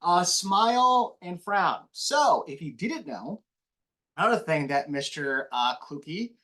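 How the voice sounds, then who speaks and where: A man with a fairly high voice gives a casual lecture to a class. He is a TV news anchor. He talks in quick, animated bursts with a slight mumble. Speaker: TV news anchor giving a guest lesson.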